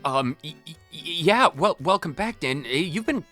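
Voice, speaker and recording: A man's voice: fairly high pitch, lively intonation, a little slow, pushed and bright, soft background music, full character voice. A man voicing a flustered, kind female innkeeper who stammers and talks soothingly. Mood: hesitant, soothing.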